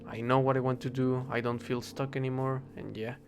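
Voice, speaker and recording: A man's voice: mid-range voice, level tone, fairly quick, creaky, slight background noise. Rambling young man, hesitant and self-correcting. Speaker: English teacher. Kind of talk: casual rambling talk while gaming.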